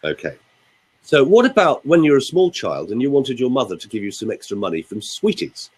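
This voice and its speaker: A man's voice: mid-range voice, very animated, fairly quick, darkish tone, husky, low-quality recording. An older man, a voice coach explaining and demonstrating voice technique in a theatrical way on a radio show. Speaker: voice coach guest.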